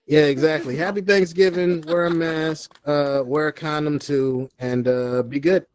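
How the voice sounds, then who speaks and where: A man hosting a casual comedy podcast from a virtual reality space, animated and jokey, acting out quoted voices. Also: on the high side, a little slow. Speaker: podcast co-host. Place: virtual reality meetup, recorded remotely.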